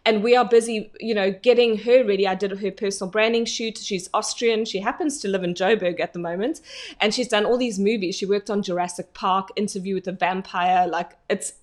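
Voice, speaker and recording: Chatty woman coach giving live training. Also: mid-range voice. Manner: chatty, laughs often, many fillers. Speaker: online business coach. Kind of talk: casual live online training.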